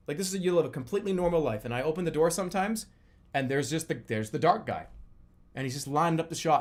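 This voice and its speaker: A man in his thirties streaming live, chatting casually in a rambling, profane, animated way. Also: on the high side, fast talker. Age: 30s.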